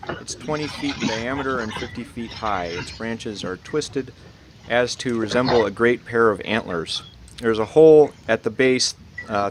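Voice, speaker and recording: Hesitant male dungeon master, noisy line. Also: on the low side. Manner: hesitant, many uh fillers, laughs at odd names. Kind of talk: narrating a tabletop game. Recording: noisy online voice chat.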